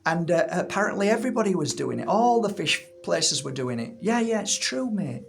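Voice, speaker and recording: A man's voice: sits high, very animated, fairly quick, creaky, a little hiss or hum. A middle-aged man talking casually and animatedly to his viewers from a room at home, often repeating his words as he rants. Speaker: healer and channel host.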